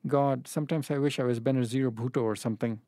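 A man's voice: mid-range voice, steady tone, fast, warm tone, dry recording, studio quality, natural voice. A man reading as a nervous, pleading young woman. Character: anxious young woman hoping for a baby.

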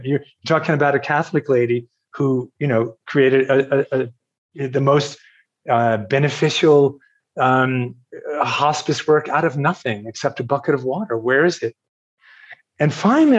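A man from Virginia telling a personal story in a casual, halting way, with fillers and laughs. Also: mid-range voice, dull audio. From Virginia, USA.

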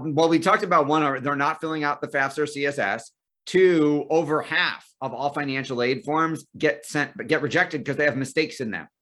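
Brisk, higher-voiced man explaining financial aid. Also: fairly bright tone. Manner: explanatory, brisk, tells client stories. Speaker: guest, financial aid planner. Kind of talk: interview answers.

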